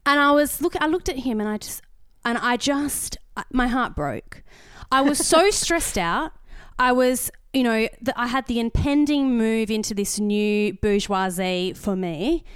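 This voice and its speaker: An Australian woman co-hosting a podcast, telling a story in casual chat, animated and swearing, acting out the voices of others. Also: a little high, unhurried, smooth, no echo. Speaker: podcast co-host.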